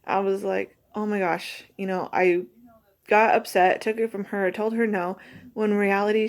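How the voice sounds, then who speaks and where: Nervous, halting woman reflecting on motherhood. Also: medium pitch. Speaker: mother vlogging. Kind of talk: reading her journal, then reflective casual talk.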